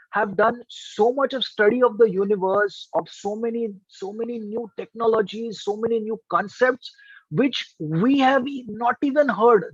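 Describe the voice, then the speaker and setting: A man, a trainer telling students a story in an emphatic, animated way. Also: high-pitched, breathy edge, dry recording, muffled recording. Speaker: trainer and life coach.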